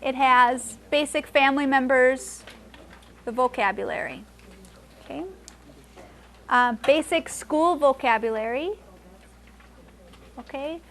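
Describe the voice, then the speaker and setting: Woman teaching spanish to adults in a classroom, high voice, says phrases slow and repeats them, faint room noise. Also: a bit bright. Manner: mixes English and Spanish, repeats phrases slowly for learners. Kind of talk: classroom language lesson.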